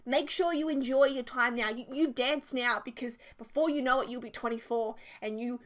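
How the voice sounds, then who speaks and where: A woman in her twenties with an Australian accent, rambling through a funny personal story in casual vlog talk, laughing often and filling her sentences with "like". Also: on the high side. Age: 20s. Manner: chatty, rambling, quick to laugh, many "like"s. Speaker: Sims speed-build vlogger. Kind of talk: casual storytime over a speed build.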